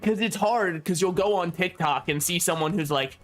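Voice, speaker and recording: A man's voice: high voice, normal speed. Rambling joking man over game music. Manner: rambling, joking, frequent laughs and asides. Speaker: gaming YouTuber. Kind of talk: casual gameplay commentary.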